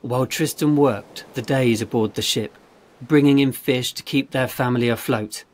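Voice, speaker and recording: A man narrating a story in a steady, measured reading voice. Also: medium pitch. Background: faint guitar music.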